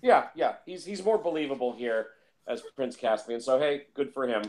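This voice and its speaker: A man's voice: medium pitch, lively intonation, normal speed, darkish tone. A man talking casually about films, rambling and repeating himself with lots of fillers. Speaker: film reviewer. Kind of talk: casual film discussion.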